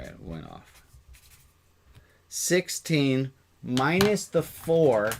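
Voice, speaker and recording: A man, a rabbi, talking casually on a livestream, earnest and emotional, thinking aloud as he points out places on a map and sometimes swearing. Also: fairly low pitch.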